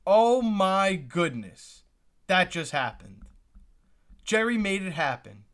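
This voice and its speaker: A young man hosts a live reaction stream, full of exclamations and repeated lines. His voice sits high for a man and has a bright, forward edge. He keeps turning to talk to his chat. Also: sing-song, slow. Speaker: livestream host reacting to the draft.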